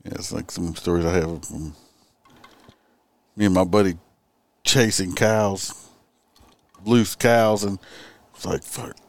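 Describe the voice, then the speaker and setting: A man's voice: sits low, steady tone, slow pace, long pauses. A man who was a police officer, chatting casually. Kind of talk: casual chat.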